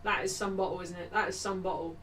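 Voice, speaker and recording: A woman's voice: on the low side, steady tone, fast talker, fairly bright tone, distant mic, a little hiss or hum. A young woman hosting a live football watchalong stream, chatting casually with her viewers, laughing a lot and swearing now and then. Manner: laughs often, swears, talks to her chat.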